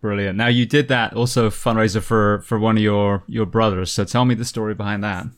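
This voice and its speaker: A man hosting an interview, asking brisk, direct questions. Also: lowish voice, steady tone. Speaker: podcast host.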